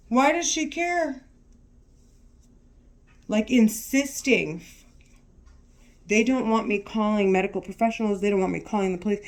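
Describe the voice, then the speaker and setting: A woman's voice: a little high, measured pace, long pauses. Woman in a tense, sweary rant. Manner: repetitive, swearing, tense ranting. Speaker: vlogger. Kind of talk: agitated monologue to camera.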